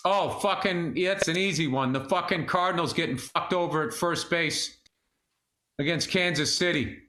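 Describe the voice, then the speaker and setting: A high-voiced man with a bright, forceful edge, swearing freely as he tells stories in casual podcast chat. His voice bounces around a roomy, echoey studio. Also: normal speed. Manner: profane, animated storytelling. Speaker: podcast co-host.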